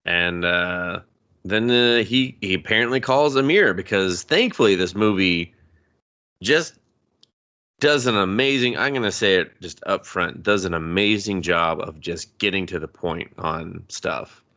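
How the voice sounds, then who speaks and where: A man's voice: low-pitched, unhurried, sharp tone. A man co-hosting a casual movie review podcast, swearing freely and acting out scenes in quoted voices. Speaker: podcast co-host.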